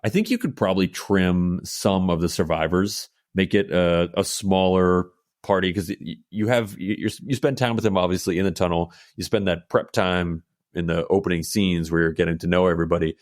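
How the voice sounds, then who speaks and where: A man co-hosting a casual movie podcast, talking in a measured, analytical way and repeating words as he thinks. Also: deep voice, steady tone, no echo, studio quality. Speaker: podcast co-host. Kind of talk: casual film review chat.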